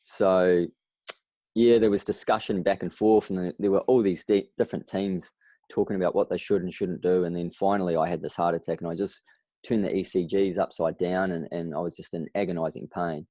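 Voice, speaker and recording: A New Zealand man with a deep, low-pitched voice talks as a guest on a podcast. He tells his story in an animated way, acting out other people's lines as he goes. The sound is dry and close. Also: a little fast, no room sound. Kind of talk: casual interview.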